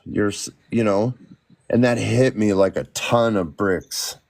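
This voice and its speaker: A man in his forties speaking candidly in a casual podcast chat, often breaking off and restarting his words. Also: medium pitch. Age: 40s. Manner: candid, halting, restarts mid-word when emotional. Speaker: podcast guest.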